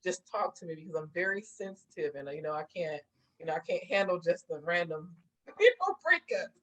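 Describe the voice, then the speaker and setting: Animated, laughing woman telling stories. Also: fairly low pitch, a little fast, low-quality recording. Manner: animated storyteller, laughs often, acts out voices. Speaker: guest therapist. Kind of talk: casual interview chat.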